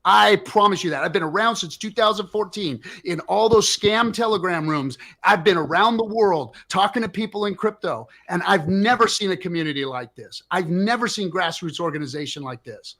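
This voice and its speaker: A middle-aged male host with a high voice delivers an impassioned, profane livestream rant. His emphatic, fired-up delivery keeps pushing every point. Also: moderate pace, few pauses, sharp tone.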